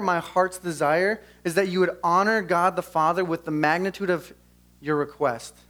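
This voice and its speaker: A young man preaching earnestly at a church service, chatting casually with the congregation and then leading a prayer. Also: a little high. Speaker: pastor. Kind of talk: sermon and closing prayer. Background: soft guitar music.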